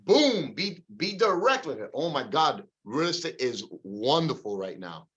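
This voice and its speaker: A man's voice: mid-range voice, a little slow, dull audio. A man leading a real estate sales meeting over a video call, calling on team members by name and pushing them to keep going. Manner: energetic, calls on people by name.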